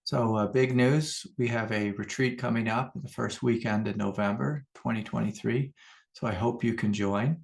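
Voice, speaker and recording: A middle-aged man giving a calm, unhurried spiritual teaching talk as a meditation teacher, repeating his key phrases. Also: mid-range voice, vocal fry.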